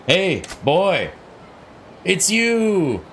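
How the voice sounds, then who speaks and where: A man voicing a jolly, hard-drinking aging foreign man in a game, with a loud, pitched-up cheery delivery. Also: big pitch swings, drawn-out words, slight background noise, heavily acted. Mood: jovial.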